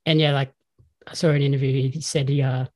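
A man's voice: medium pitch, flat delivery, fairly quick. A man with an Australian accent hosting a podcast, chatting casually and telling stories with enthusiasm. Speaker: podcast host. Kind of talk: casual chat.

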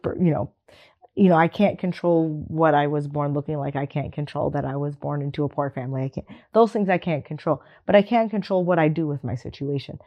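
A woman's voice: low voice, brisk. A woman speaking bluntly and emphatically in candid conversation, swearing casually and laughing often. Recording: dull lo-fi recording.

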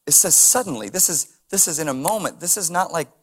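A male pastor delivers a sermon in a relaxed, conversational way, with a voice that sits a little higher than most men's. He reads scripture, then breaks off into chuckling asides and strings of rhetorical questions. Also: a little fast, breathy edge.

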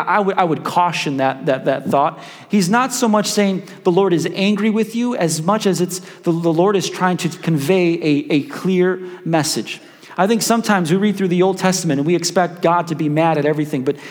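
A man preaching a sermon as pastor, talking conversationally and often repeating words as he goes. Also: high voice. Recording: long hall reverb.

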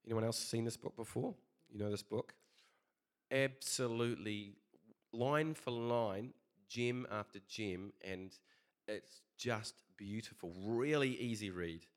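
A man's voice: on the low side, takes it slowly. A man preaching a casual sermon, chatty and conversational, telling a story with many fillers.

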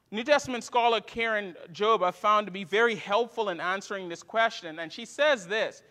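A man with a very high, bright voice preaches a sermon. He talks in a relaxed, conversational way and weaves personal stories into his teaching. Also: big-room sound. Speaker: pastor.

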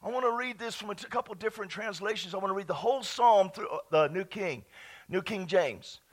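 A man preaching a lively sermon in a church, whooping, shouting out scripture and laughing at himself. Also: high voice, brisk. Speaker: pastor.

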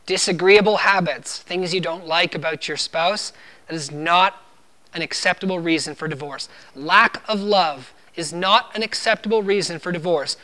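A man's voice: high-pitched, normal speed, sharp tone. A man preaching a sermon as pastor, earnest and emphatic, driving points home with firm repeated refrains.

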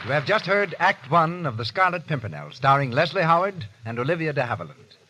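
A man's voice: on the high side, sing-song, a little fast, a crowd in the background, rough recording. A man announcing and narrating an old radio play in a formal, declamatory manner. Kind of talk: scripted narration. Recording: old radio broadcast with violin music.

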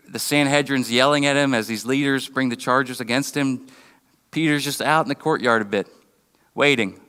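A man's voice: mid-range voice, bright, forceful tone, clean tone. A man preaching a sermon in a conversational, storytelling way, often restarting his sentences. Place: church hall. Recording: long reverb of a hall.

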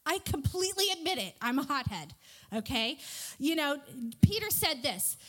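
High-pitched lady teaching a bible lesson, playful and lively, reading verses out loud. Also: moderate pace. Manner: animated and playful, reads scripture aloud.

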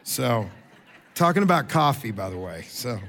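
A middle-aged man, preaching a sermon in a conversational style. He repeats words, makes quick asides to the congregation, and gets louder and higher to stress a point. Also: big pitch swings. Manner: rises in pitch and volume for emphasis. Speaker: pastor.

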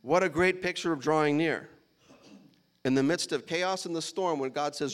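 A man preaches in a relaxed, conversational way, reading scripture aloud and stepping away from it for playful asides. His voice sits high for a man, and he laughs lightly now and then as he talks. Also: normal speed, smooth. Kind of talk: casual sermon with scripture reading.

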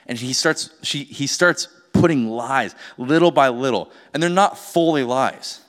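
A man's voice: medium pitch, measured pace, a bit bright. Pastor guy preaching, casual and chatty, medium voice, lots of hall echo. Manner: conversational, asks rhetorical questions. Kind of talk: sermon. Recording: long hall reverb.

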